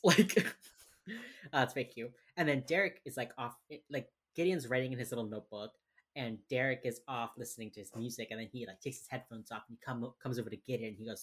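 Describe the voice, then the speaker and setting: Very low husky woman recapping a show. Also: fast. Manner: animated retelling, acting out characters' lines with laughs. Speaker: podcast co-host. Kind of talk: casual chat recapping a TV episode.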